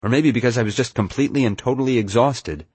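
A man reading a first-person adventure story aloud in a steady, measured way. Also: mid-range voice, husky, no echo. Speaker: audiobook narrator. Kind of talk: scripted first-person narration.

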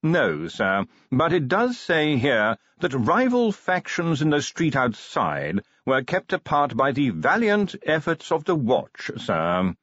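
A man voicing a prim, smooth-spoken middle-aged butler with a formal, deferential manner in an audiobook. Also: fairly high pitch, huge pitch swings, slow pace, hardly any pauses, fairly bright tone, lo-fi sound, pitched above the performer's own voice, heavily acted.

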